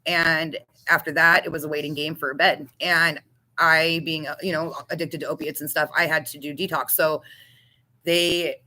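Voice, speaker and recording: A woman's voice: deep voice, flat delivery, normal speed, bright, forceful tone, rough recording. A woman giving a candid, emotional personal testimony about her recovery, talking with restarts and blunt swearing. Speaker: recovery storyteller.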